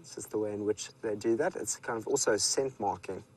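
A man with a South African accent presenting a live safari, telling stories and chatting with viewers in a relaxed way. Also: lowish voice, fairly quick, slight background noise, low-quality recording. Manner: relaxed storytelling, speaks to viewers. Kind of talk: live wildlife commentary. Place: outdoors in the bush.

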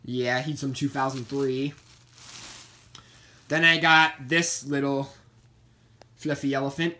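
Chatty young man with a bright voice. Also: medium pitch, little pitch movement, takes it slowly, a little hiss or hum. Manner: chatty, meandering, repeats himself. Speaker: vlogger showing his plush collection. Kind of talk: casual rambling show-and-tell.

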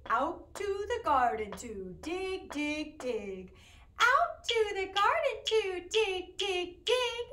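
A woman's voice: very high voice, sing-song, takes it slowly, bright, forceful tone, reverberant, voice pushed up, full character voice. A woman voicing an apologetic, stubborn pig in a sing-song chanted rhyme.

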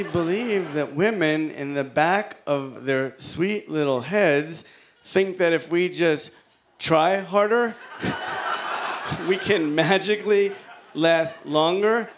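A man performs stand-up on a club stage, his voice slightly high and his delivery slow and deadpan, now and then leaping up in pitch. A handheld mic carries him over steady audience laughter and clear room noise. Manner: deadpan, slow soft-spoken delivery with sudden pitch jumps. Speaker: stand-up comedian. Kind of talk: stand-up comedy set. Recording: live audience laughter behind.

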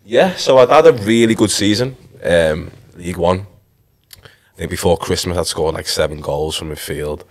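A deep-voiced man in his thirties from Liverpool, England, speaks at a normal speed with a Liverpool accent. A former footballer, he tells stories in a relaxed, casual podcast interview, often saying "like" and "you know."

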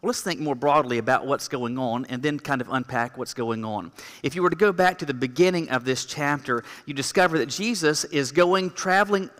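A man's voice: medium pitch, a little fast, fairly bright tone. A man preaching a sermon as pastor, explaining scripture in a conversational way with everyday examples. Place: church sanctuary. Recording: long church reverb.

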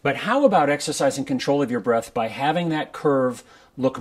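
A man teaching a breath-control exercise for brass players in a relaxed, conversational way, often checking in with the listener. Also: mid-range voice, moderate pace. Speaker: trombone coach. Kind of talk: instructional video talk. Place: his studio.

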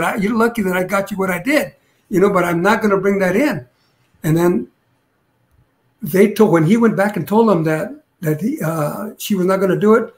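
An older man, a retired police detective, telling a long story in a casual interview, rambling with restarts and acting out what others said. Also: sits high. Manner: rambling, restarts, acts out quotes.

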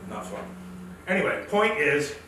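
A man's voice: on the high side, a little slow, a little hiss or hum. A middle-aged man giving a humorous, self-mocking storytelling talk at a professional event, recorded in a meeting hall. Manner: animated, self-mocking, acts out quotes. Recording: echoey room, mic from far off.

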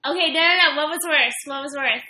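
A woman's voice: high voice, fast talker, sharp tone. A woman co-hosting a casual livestream, giggling often and chiming in with short remarks. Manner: giggly, chimes in. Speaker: livestream co-host.

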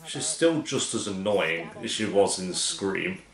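A man's voice: low-pitched, lively intonation, roomy sound. A man hosting a TV reaction, chatting casually and mocking what he watches. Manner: sarcastic, chatty, quick to mock. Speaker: TV reaction host.

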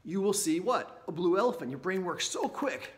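High-pitched guy from canada doing a pumped-up motivational talk, keeps asking right? okay?. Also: expressive, moderate pace. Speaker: anxiety workshop presenter.

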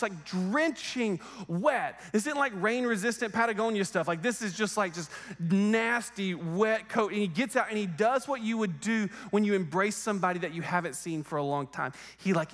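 A man's voice: sits high, a bit bright, long reverb tail. A young man preaching a sermon in a church, telling the story casually and acting out the quoted voices. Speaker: guest preacher. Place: church sanctuary.

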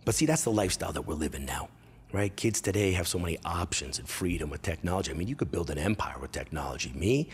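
A male comedian telling stories from his youth on stage, profane and animated. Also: low-pitched, slightly rough. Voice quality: profane, animated, quick shifts into character voices. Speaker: stand-up comedian. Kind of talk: stand-up storytelling. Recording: long echo of a hall.

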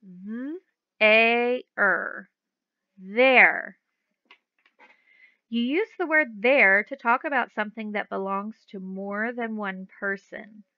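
A woman's voice: fairly high pitch, dry recording, dull audio. A woman teaching a phonics lesson to young children, patiently sounding out letters and words and repeating them.

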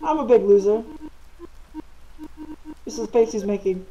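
A woman's voice: mid-range voice, lively intonation, moderate pace, pauses often, warm tone, rough recording. A woman giving casual, gushing gameplay commentary as a let's play gamer. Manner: gushing, easily delighted.

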